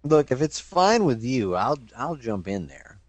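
A man's voice: medium pitch, big pitch swings, a little slow, a little hiss or hum. A man co-hosting a podcast in casual comedic chat, wry and self-deprecating. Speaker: podcast co-host.

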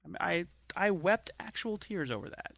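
A man's voice: sits high, expressive, normal speed, gravelly, a bit bright, no room sound. A man co-hosting a podcast, telling rambling, self-deprecating stories in casual banter. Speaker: podcast co-host.

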